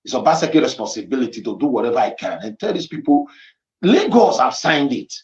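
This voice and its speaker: A man's voice: mid-range voice, sing-song, quick pace, a little mellow. A man from Edo State with a Nigerian accent, giving emphatic, repetitive political commentary as a guest. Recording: echoey, dull lo-fi sound.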